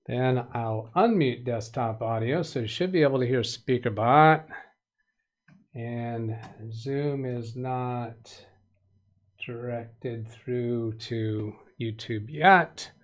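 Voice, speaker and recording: A man's voice: medium pitch, slow. Chatty man hosting a live stream. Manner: chatty, greets viewers by name, light punning. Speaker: livestream tech help host. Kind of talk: casual live stream chat.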